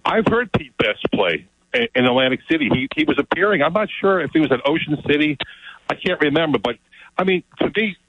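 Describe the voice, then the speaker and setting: A man telling an excited story as a guest, often repeating his words. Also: on the high side, fairly quick, breathy edge, no echo. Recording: dull, lo-fi sound.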